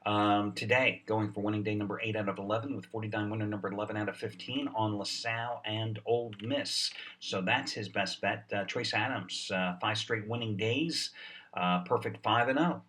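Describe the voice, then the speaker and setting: A man's voice: on the low side, fairly even intonation, moderate pace, fairly bright tone, recorded from a distance, a little hiss or hum. A man giving a sports betting video report, salesy and sarcastic, with a lot of "uh" fillers, short on sleep.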